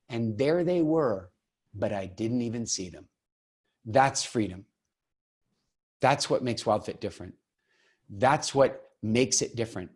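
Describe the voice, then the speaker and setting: A man's voice: medium pitch, breathy edge. Enthusiastic man giving a persuasive talk. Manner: enthusiastic storyteller, acting out quoted exchanges. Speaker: program founder giving a masterclass.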